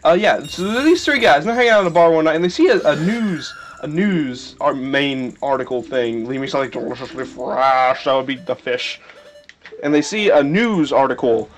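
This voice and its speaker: A young man hosting a game playthrough, rambling and joking with sudden excited yelps. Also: fairly high pitch, moderate pace, slight background noise. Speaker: let's play host. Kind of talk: casual gameplay commentary. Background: faint video game music.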